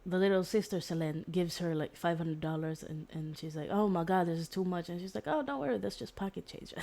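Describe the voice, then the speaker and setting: A woman's voice: fairly low pitch, a little fast, dark tone. A woman streamer casually retelling a story, rambling with fillers and restarts and acting out the quoted lines.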